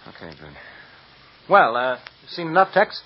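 An actor playing a sharp male lawyer who asks quick, probing questions in a 1950s radio drama. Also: fairly high pitch, big pitch swings. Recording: dull lo-fi old radio recording.

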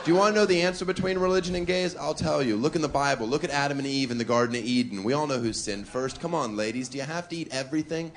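A man doing a crude, brash stand-up comedy set on a club stage, punching up his lines with shouts. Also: medium pitch, quick pace, few pauses. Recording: live club recording with crowd noise. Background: audience laughter and applause.

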